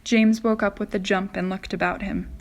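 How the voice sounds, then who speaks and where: A woman teacher reading a children's chapter book aloud. Her voice sits mid-height and turns soft and hushed for the quiet moments. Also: medium pitch, little pitch movement, normal speed.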